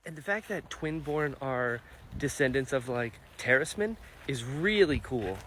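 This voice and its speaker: A book vlogger reacts casually to a fantasy novel he's reading, sounding enthusiastic, animated, and chatty, with many fillers. He has a medium-pitched voice and a measured pace, and there's a bit of hiss or hum.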